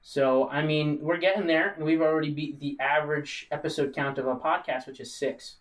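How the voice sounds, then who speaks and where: A man hosts a loose, casual podcast chat, rambling from point to point and cracking jokes. His voice sits a little high. He sounds slightly distant from the microphone. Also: fairly even intonation, a little fast. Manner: rambling, joking, laughs often. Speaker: podcast host.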